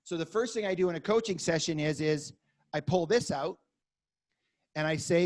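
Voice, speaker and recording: A man coaching a workshop, energetic and acting out client conversations as examples. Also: on the high side, moderate pace, pauses often. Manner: energetic, acts out dialogue examples.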